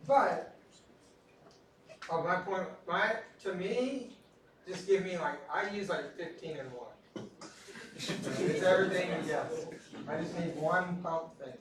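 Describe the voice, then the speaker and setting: A man's voice: sits high, slow, long pauses, crowd noise. Echoey lecturing man, heard from afar. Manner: chatty, joking asides. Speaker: anatomy instructor. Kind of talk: classroom lecture. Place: large echoey classroom. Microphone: recorded from a distance. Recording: echoey classroom from far off.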